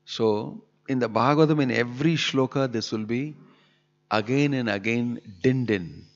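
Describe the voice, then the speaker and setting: A man's voice: medium pitch, moderate pace, highs cut off. A man giving a sermon on scripture, asking scolding rhetorical questions. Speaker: spiritual teacher.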